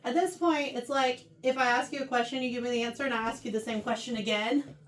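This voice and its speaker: A woman teaching a Bible lesson to a youth class, animated and often checking in with her listeners. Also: on the high side, fast. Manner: animated, keeps checking in with "right?". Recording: voice heard from far off the mic.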